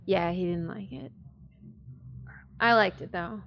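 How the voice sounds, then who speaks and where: A woman's voice: lowish voice, slow, vocal fry, lo-fi sound, a little hiss or hum. A woman voicing a drunk young woman adventurer who talks bluntly and a bit sloppily. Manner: tipsy, blunt.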